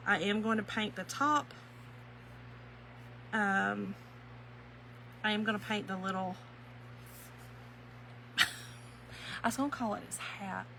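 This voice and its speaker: A woman with a Kentucky drawl talks viewers through a craft project. She says y'all a lot and laughs easily. Her voice is bright, sits at an ordinary pitch, and has a faint hum behind it. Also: slow pace, vocal fry, pauses often, poor audio. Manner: folksy, warm-hearted chatter, often says y'all, laughs easily. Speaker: craft live-stream host. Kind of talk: chatty craft tutorial, reading viewer comments.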